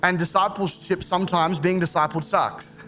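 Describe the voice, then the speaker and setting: A man, preaching a sermon in a relaxed, joking way and acting out short quoted exchanges. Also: high-pitched, faint music behind. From Australia. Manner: conversational and jokey, acts out quick quoted exchanges. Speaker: pastor.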